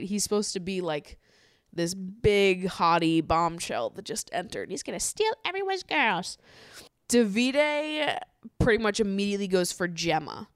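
A woman's voice: medium pitch, clean tone, dry recording, clean studio sound. A young woman hosting a podcast in casual chat, swearing freely and laughing often. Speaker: podcast host.

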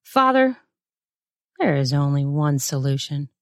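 A scornful older nun hisses her lines low and slow, as a woman reads her part in a story. The voice sits low, drawn out unhurriedly, close and dry with no room sound. She snarls more than she speaks. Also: big pitch swings, no echo. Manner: snarling, hissing delivery. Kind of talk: read-aloud erotic story.

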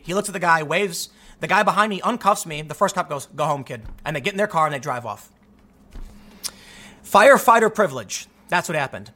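A man's voice: high-pitched, pushed and bright. A young man from the United States telling a story casually, with many restarts and stammers, acting out the people he quotes.

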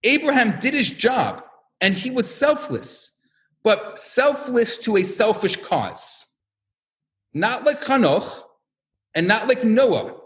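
A male religious teacher gives a slow, sermon-like lecture in a high voice. His pitch swings widely as he tells animated stories and acts out the voices of the people he quotes.

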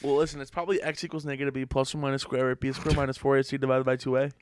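A young man co-hosting a podcast, rambling and joking in casual chat, now and then slipping into high mocking voices. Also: level tone, very fast, clear, resonant tone, no room sound, clean studio sound. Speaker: podcast co-host.

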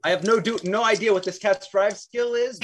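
A man's voice: high voice, fairly quick, a little hiss or hum. A man playing a tabletop game, chatting and joking casually. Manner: playful, joking. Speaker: player. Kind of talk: casual chat.

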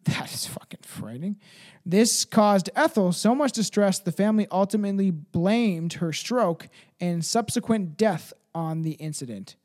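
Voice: mid-range voice, unhurried, hardly any pauses, darkish tone. A podcast host chatting casually and reading a story aloud, swearing a lot and tripping over words.

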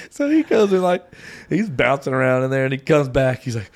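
A man of about forty co-hosting a podcast, animated and often laughing as he tells a story in casual chat. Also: mid-range voice, brisk, background noise. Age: 40s. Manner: animated, laughs while telling stories. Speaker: podcast co-host.

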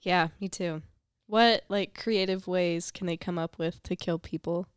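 A woman's voice: lowish voice, steady tone, unhurried, clean tone, no echo, clean studio sound. Wry woman co-host with a stuffy nose. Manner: wry, joking quips. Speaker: podcast co-host. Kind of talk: casual chat.

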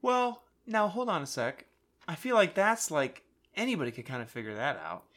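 A woman's voice: fairly low pitch, sing-song, moderate pace. A woman co-hosting a casual podcast chat, chiming in with dry, joking asides.

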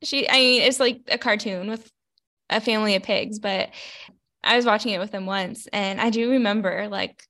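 A woman's voice: medium pitch, fairly even intonation, moderate pace, sharp tone. A young woman co-hosting a podcast, chatting in an easygoing, agreeable way and telling casual stories. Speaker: podcast co-host. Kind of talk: casual recap chat.

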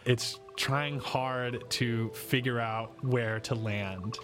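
A man serving as game master narrates a tabletop role-playing game, describing scenes in a relaxed manner with lots of fillers. His voice sits at medium pitch and he draws out his words.

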